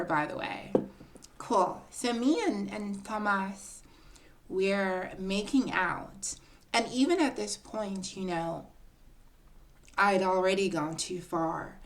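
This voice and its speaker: A woman telling a personal story to her viewers in a casual, confiding storytime, often calling her listeners "girl" and building drama with pauses. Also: medium pitch, fairly bright tone. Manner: chatty, confiding, keeps addressing listeners as "girl".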